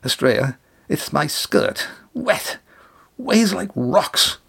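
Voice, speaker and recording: A man reading an audiobook, voicing a young woman sailor who pleads in a high, breathless voice. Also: very animated, slow pace, creaky, breathy edge, exaggerated voice. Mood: struggling.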